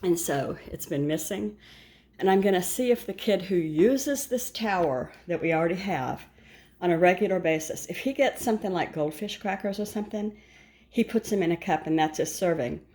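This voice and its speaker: An older woman chats her way through a shopping haul, wandering into asides and correcting herself as she goes. Her voice sits a bit low for a woman. She sounds like a friendly grandmother talking straight to the camera. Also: lively intonation, moderate pace, a little mellow. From United States. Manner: chatty and rambling, with asides and self-corrections. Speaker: vlogger showing a shopping haul. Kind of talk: casual chat to camera.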